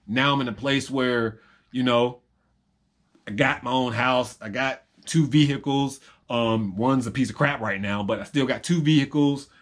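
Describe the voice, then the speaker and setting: Male vlogger, mid pitch, reflective and unscripted, pauses and restarts often. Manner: reflective, halting, with many ums and restarts. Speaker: vlogger and reseller. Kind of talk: rambling personal vlog.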